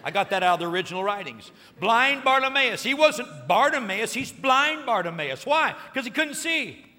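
A man preaching a sermon, telling a story with lively acted-out voices and rising to excited peaks. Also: very high voice, normal speed, in a large hall. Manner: animated storytelling, acting out voices and building to shouted peaks. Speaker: pastor.

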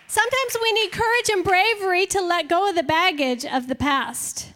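A woman teaching a sermon to women, slow and emphatic, with playful acted-out examples. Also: very high voice, a bit bright, long reverb tail.

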